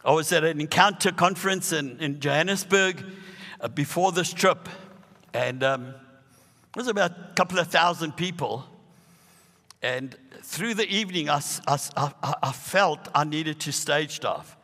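Lively South African preacher in his sixties. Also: on the high side, moderate pace, big-room sound. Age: 60s. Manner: animated, bursts into loud emphatic lines. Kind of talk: sermon.

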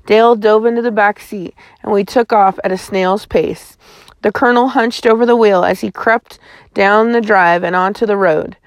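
Lady reading a kids' novel aloud, folksy, middle pitch, dry sound. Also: fairly even intonation, normal speed, no echo. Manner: folksy storytelling. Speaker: audiobook narrator. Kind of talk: first-person storybook narration.

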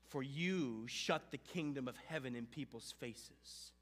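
A man preaching a sermon, emphatic, with dramatic pauses, reading and listing points, in a church with long reverb. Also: medium pitch. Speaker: pastor.

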